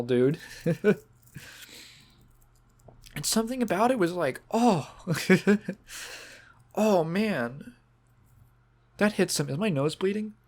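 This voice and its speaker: A man hosting a podcast, talking in a halting, sentimental way and fighting back tears. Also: fairly high pitch. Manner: halting, sentimental, restarts often. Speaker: podcast host. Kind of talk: casual podcast monologue.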